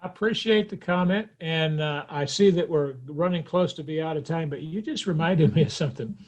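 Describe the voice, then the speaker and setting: Higher-voiced male guest telling stories. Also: fairly quick, darkish tone. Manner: reflective storyteller, chuckles at his own memories. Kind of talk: conversational interview.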